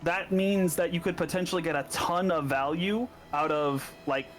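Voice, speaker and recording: A man's voice: a little high, moderate pace, faint music behind. A man patiently explaining a game on a stream, stumbling over hard names with a laugh. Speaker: game coach.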